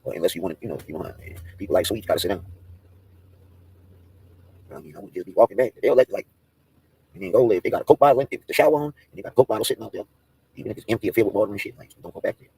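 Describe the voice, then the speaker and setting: A man's voice: on the low side, racing, gravelly, long pauses, darkish tone, slightly rough. A man on a livestream ranting in a brash, profane, mocking way and roasting people in casual talk.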